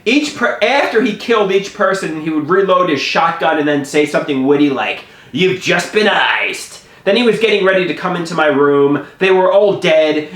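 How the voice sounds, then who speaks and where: A man telling a personal story to the camera in an animated way, often stammering and restarting his sentences. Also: on the high side, reverberant.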